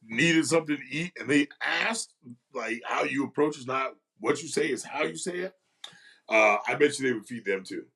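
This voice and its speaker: A man's voice: medium pitch, gravelly, fairly bright tone. A man hosting a youth sports show, talking loosely and with energy, full of slang and repeated phrases for emphasis. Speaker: youth sports league host. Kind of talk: casual monologue with shout-outs.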